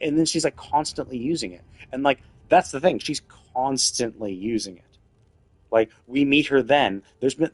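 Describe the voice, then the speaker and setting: A man's voice: mid-range voice, no echo. A man streaming a game, ranting in a casual, exasperated way, with many restarts and fillers. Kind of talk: casual game commentary rant.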